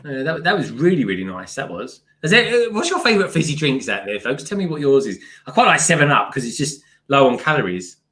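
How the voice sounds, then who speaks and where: A man's voice: medium pitch, big pitch swings, fast talker, hardly any pauses, fairly bright tone. A man co-hosting a casual building livestream, chatty, stumbling over restarts and calling viewers folks. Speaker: co-host guest. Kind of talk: casual chat while building.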